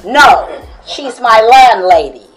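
A woman's voice: fairly high pitch, animated, slow, faint music behind, poor audio. A woman voicing a poised young newlywed woman, speaking coolly in her own voice while reading a story aloud. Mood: puzzled.

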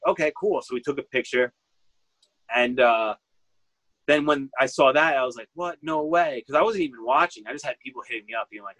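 A man's voice: mid-range voice, a bit bright, dry recording, rough recording. A man, telling a story in a casual interview. He rambles and fills his speech with "like", acting out what people said. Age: 30s. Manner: rambling, heavy use of "like", acts out quotes. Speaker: vintage clothing store owner.

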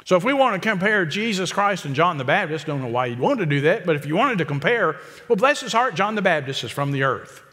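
A man preaching an expository sermon, emphatic and repetitive, with quick asides to the congregation. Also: on the high side, expressive, pushed and bright, long reverb tail. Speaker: pastor.

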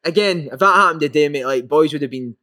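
A Scottish man telling a lively football anecdote in casual chat, swearing and acting out quotes. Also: on the high side, quick pace, no echo, clean studio sound. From Scotland. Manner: animated storyteller, swears freely, acts out quotes. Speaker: former footballer guest.

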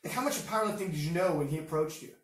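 A man from Canada hosting a casual interview, chatty and swearing freely, telling animated stories. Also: fairly high pitch, racing, distant mic. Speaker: podcast host. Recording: echoey room, voice off-mic.

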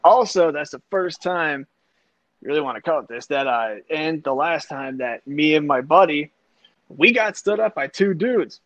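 A man's voice: fairly high pitch, animated, moderate pace, fairly bright tone, no room sound. A young man hosting a podcast, telling a long personal story in a rambling, profane way, full of "like" and other fillers. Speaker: podcast host. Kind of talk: casual storytelling chat. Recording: dull lo-fi sound, dry.

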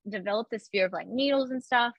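A woman's voice: fairly high pitch, fast, vocal fry, no room sound. A young woman chatting casually and telling personal stories, full of "like" fillers and acting out her own quotes. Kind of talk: casual chat.

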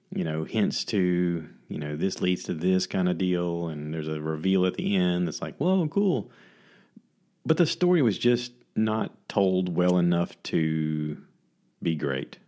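A man's voice: deep voice, darkish tone. A man hosting a casual solo vlog, reviewing movies in a rambling way full of fillers and restarts. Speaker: vlogger host. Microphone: camera mic.

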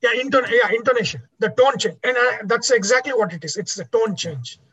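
His voice is extremely high, brisk, and a bit bright as he teaches a class. He explains things in a lecture style, frequently starting his words over and checking with "right?", all on a dull, lo-fi recording.

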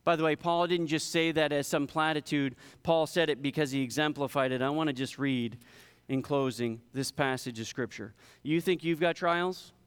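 A man's voice: fairly high pitch, fairly even intonation, clean tone. Preaching man in a reverberant hall. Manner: preaching, building in intensity and slowing for emphasis. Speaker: pastor. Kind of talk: sermon.

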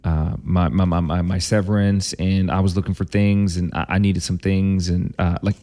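A man's voice: deep voice, level tone, moderate pace, dark tone. A man telling a candid personal story, emphatic, with many fillers and repeated words. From Canada. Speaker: vlogger.

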